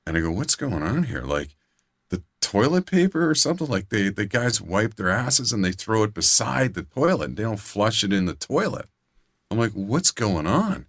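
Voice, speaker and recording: A middle-aged man co-hosting a podcast, telling crude stories in casual chat, often trailing into low mutters. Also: sing-song, moderate pace, fairly bright tone, dry recording, studio quality. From grew up outside California. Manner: profane storyteller, drops to low mutters. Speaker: podcast co-host.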